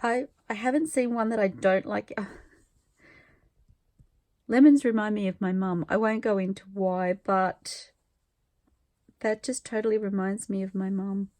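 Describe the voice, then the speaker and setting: A woman's voice: medium pitch, steady tone, unhurried, long pauses. A middle-aged woman in a casual craft vlog, gushing and teary as she opens viewer mail. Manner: emotional, gushing, soft-spoken with laughs and sighs. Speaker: craft vlogger.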